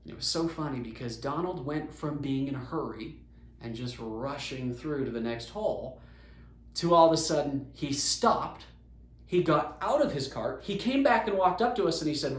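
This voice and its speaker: A young man from Utah, hosting a podcast and telling a story in a casual, animated way, acting out the quotes. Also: a little high, normal speed. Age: young adult. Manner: animated, chatty, acts out quotes. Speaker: podcast host. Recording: roomy echo.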